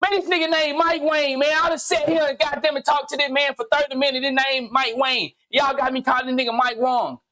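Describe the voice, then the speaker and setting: A man hosting a gaming channel, delivering a loud, slangy, profane comedic rant that swings into shouting. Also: very high voice, steady tone, a little fast, few pauses, a little hiss or hum. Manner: slangy, repetitive, teasing.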